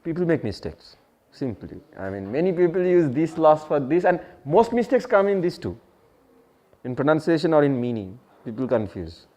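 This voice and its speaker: A man's voice: on the high side, darkish tone. A man with an Indian English accent teaching an English class, switching into Hindi to explain words and quizzing his students. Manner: explains word meanings, asks the class questions, repeats key phrases. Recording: dull lo-fi classroom recording.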